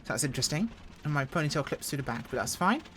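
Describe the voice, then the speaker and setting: A woman's voice: deep voice, big pitch swings, racing, a little hiss or hum. A woman at home giving casual, joking, self-mocking commentary as she reviews a flight sim.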